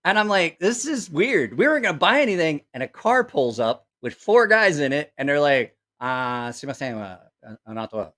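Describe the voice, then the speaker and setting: A middle-aged man tells a story in a loose, casual way, and his pitch swings widely up and down. He swears freely, acts out the people in the story and keeps correcting himself as he goes. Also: moderate pace, few pauses. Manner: profane, animated, acts out quoted voices; rambling with self-corrections. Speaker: channel host.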